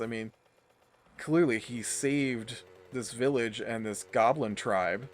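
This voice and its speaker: A man hosts a let's play, rambling chattily as he plays, with plenty of fillers and restarts in his casual gameplay commentary. He has a mid-range voice and an unhurried delivery, with slight background noise.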